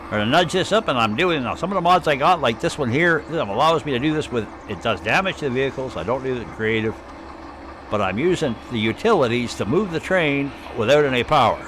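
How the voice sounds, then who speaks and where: A man's voice: medium pitch, expressive, fast talker. Chatty man with an Ottawa Valley accent. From Ottawa, Canada. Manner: rambling, chatty, thinking aloud. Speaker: live streamer. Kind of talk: live gameplay commentary.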